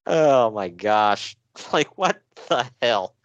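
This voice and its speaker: A man co-hosting a casual podcast chat, recapping wrestling shows in an animated, joking way with frequent laughs. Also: slow, highs cut off. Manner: animated, laughing, swearing, jumps in pitch.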